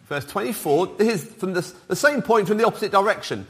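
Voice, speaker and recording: A middle-aged man preaching an all-age sermon, lively and interactive, drawing the congregation in. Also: high-pitched, fast talker, hardly any pauses. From Wales. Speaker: pastor.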